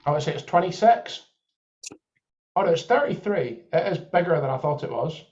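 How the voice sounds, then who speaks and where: Man, higher voice, muffled lo-fi sound, chatty. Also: animated, moderate pace, a little mellow. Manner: chatty, thinks aloud, backs points with examples. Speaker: podcast co-host. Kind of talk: live football watchalong chat.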